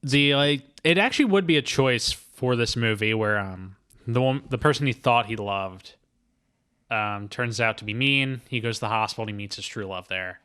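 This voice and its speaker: A man's voice: medium pitch, normal speed, bright, forceful tone, smooth. Chatty man reviewing a movie. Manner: chatty, retells scenes eagerly. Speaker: podcast host. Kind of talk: casual movie-review chat.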